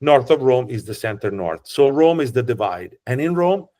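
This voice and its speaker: A man's voice: mid-range voice, sing-song, moderate pace, dark tone. A man with an Italian accent, a tour guide who explains in a chatty, joking way with frequent restarts. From Italy. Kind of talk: casual explanatory talk.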